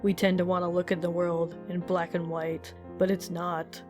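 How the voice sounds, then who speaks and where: A woman's voice: on the low side, flat delivery, moderate pace, a little mellow, faint music behind. A woman giving a casual, emotional spoken review of a manga chapter, laughing often and gushing, with many fillers. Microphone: desk mic while reading.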